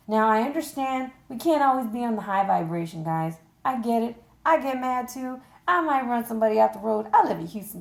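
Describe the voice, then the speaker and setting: A woman's voice: a little high, creaky, darkish tone. A woman giving a casual tarot reading, talking straight to her viewers in an emphatic, colloquial way. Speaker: tarot reader. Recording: echoey room.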